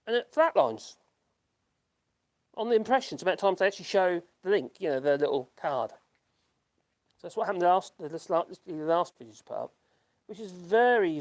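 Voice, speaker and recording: A man's voice: high-pitched, a little mellow. A man chats through a casual live stream from his home, reading viewer comments as they come in. He rambles along in a self-deprecating way, laughs at himself often and keeps stopping to restart his sentences. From United Kingdom. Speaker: YouTube channel host. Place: at home in rural France.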